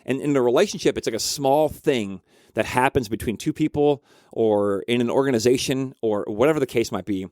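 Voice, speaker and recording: A man with an ordinary mid-pitched voice tells a casual story in a chatty, animated way, filling it with lots of fillers. He comes across as a marriage counselor. He talks a little fast, and the recording is close and dry.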